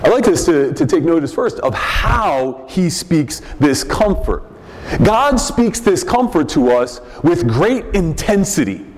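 A man preaching a sermon as pastor, teaching in a measured way and often repeating words as he goes. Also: medium pitch, darkish tone. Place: church sanctuary. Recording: long reverb of a large hall.

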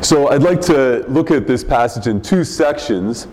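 A male pastor delivers a sermon at an unhurried, deliberate pace, his voice at an ordinary middle pitch. He teaches in a measured way, often restarting and repeating words. The sound rings with the long reverb of a large church hall. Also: animated, a little mellow, a little hiss or hum. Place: church sanctuary.

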